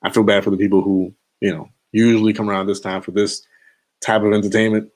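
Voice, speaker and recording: A man's voice: on the low side, little pitch movement, fast, darkish tone. A young man streaming late at night, chatting in a laid-back, slangy, rambling way and chuckling to himself. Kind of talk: casual late-night live stream chat.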